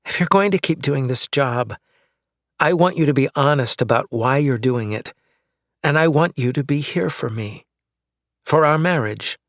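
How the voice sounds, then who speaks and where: A man's voice: normal speed, fairly bright tone, no room sound, studio quality, natural voice. A man voicing an upset, insistent wife. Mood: pleading. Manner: pleading and accusing, rising in pitch when upset. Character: frustrated adult wife, emotional, insistent.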